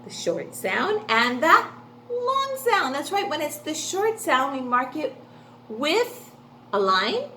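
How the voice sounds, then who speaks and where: Woman, early-years phonics teacher; very lively pitch, unhurried, cheerful quiz-and-answer delivery. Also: reverberant, a little hiss or hum. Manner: sing-song, encouraging, asks questions and answers them herself. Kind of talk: phonics lesson for young children.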